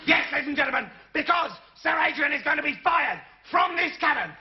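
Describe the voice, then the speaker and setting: An actor playing a boastful, bossy stunt showman in a live comedy sketch, shouting to the audience like a ringmaster. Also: very high voice, animated, fairly quick. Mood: grandiose. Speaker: comic stunt presenter. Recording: dull lo-fi 1980s TV broadcast with hiss.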